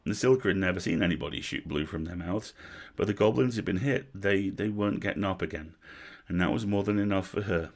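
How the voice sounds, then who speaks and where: A man reading a story aloud on a livestream, measured, with wry asides. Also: low-pitched. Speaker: story reader.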